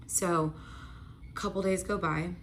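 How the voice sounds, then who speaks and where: A woman's voice: fairly low pitch, fairly even intonation, measured pace, fairly bright tone, a little hiss or hum. A young adult woman telling a personal story in a casual vlog, chatty and full of "like", acting out the lines of the people in her story. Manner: chatty, constant "like", acts out quoted dialogue. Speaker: storytime vlogger.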